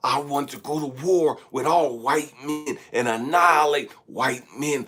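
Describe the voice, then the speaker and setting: A man from California, a life coach, telling a personal story that swings between loud emphatic bursts and hushed asides. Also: on the high side, a little slow, hardly any pauses. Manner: often asks "you know what I mean?". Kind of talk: motivational storytelling.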